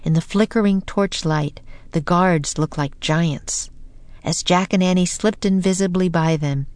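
A woman narrating a children's storybook in a calm, measured way, slowing for suspense. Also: fairly low pitch, no echo. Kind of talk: storybook reading.

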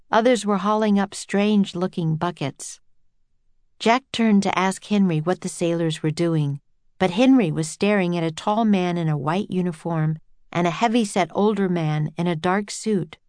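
A woman narrating a children's adventure story with a clear, steady reading. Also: lowish voice, no room sound.

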